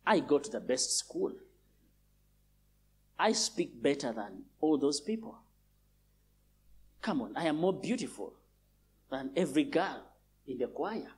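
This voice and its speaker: A man putting on the voice of a boastful, self-important young male churchgoer, lower and quieter than his own preaching voice. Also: sing-song, measured pace, long pauses, a little hiss or hum.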